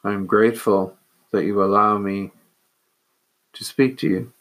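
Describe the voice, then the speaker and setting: A man reciting, in his own voice, the slow and reverent prayer of a grateful, devout woman. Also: on the low side, fairly even intonation, a bit bright. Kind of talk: quoted prayer.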